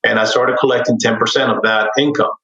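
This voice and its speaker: A middle-aged man telling his own story as a podcast guest, earnest and candid, animated as he relives it. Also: medium pitch, fairly quick. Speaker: podcast guest, real estate investor. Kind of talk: personal storytelling in a podcast interview. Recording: dull, roomy sound, distant from mic.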